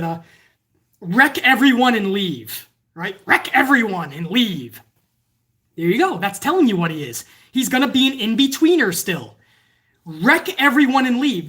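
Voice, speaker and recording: A woman giving a casual, sarcastic and profane wrestling review, now and then acting out fans in shouted voices. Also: on the high side. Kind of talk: casual ranting commentary.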